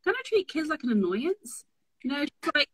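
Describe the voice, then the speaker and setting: Young woman chatting away, bright voice, keeps restarting and laughing. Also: sits high, sing-song, normal speed, low-quality recording. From London. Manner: rambling, laughs often, many restarts. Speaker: guest, fabric business owner. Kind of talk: casual chat on a livestream.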